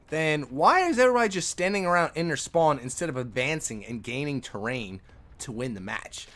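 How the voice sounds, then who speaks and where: Man, gaming channel host, casual rant, lively rising and falling voice, somewhat high pitch. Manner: animated, conversational, lots of "man" and "you know". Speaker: gaming YouTuber.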